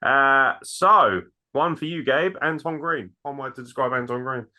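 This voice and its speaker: Swearing podcast host, bright tone. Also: male voice, medium pitch, measured pace. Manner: loose, swears freely, laughs often. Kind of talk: casual interview chat.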